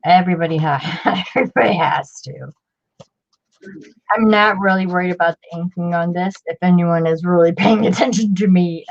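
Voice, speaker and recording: A woman's voice: deep voice, muffled recording. A woman hosting a casual crafting chat, rambling and interrupting herself as she works. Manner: rambling, self-interrupting, chatty. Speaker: craft channel host.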